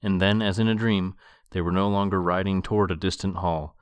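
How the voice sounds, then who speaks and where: A man with a very low voice reads a novel aloud for his podcast. His delivery is calm and measured, shifting into relaxed commentary. The sound is dry and close, with no room echo. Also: clean tone, muffled recording. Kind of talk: book reading and commentary.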